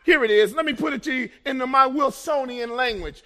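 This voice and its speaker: A middle-aged male pastor preaching a sermon, building to fervent shouts and repeating his phrases in a rhythmic cadence. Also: very high-pitched, a little fast, few pauses.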